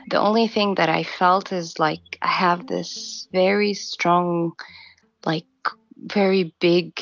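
A woman telling her own story in an interview, soft and halting, often restarting her sentences. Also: on the low side, vocal fry, dry recording, muffled recording. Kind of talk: personal account in a documentary interview.

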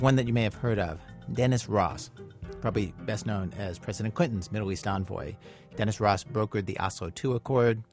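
A man's voice: lowish voice, darkish tone. A man hosting a radio program, narrating a story in a wry, conversational way and questioning his guest. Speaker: radio show host.

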